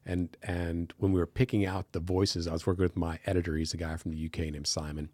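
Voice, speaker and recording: An American man, a podcast guest in a studio, telling stories in a lively, animated way and acting out the people he quotes. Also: sits low, fast talker, dry recording. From United States. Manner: animated storyteller, acts out quoted voices. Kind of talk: casual interview chat.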